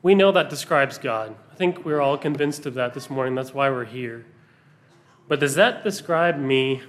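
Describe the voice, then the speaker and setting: A man preaching a sermon, earnest, pausing for emphasis as he reads scripture aloud. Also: medium pitch, fairly bright tone.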